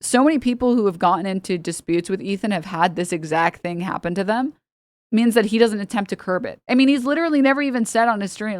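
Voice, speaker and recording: A woman's voice: mid-range voice, no echo. Dry-miked exasperated woman streamer. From United States. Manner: heated, exasperated, sarcastic, laughs between points. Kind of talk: political commentary stream.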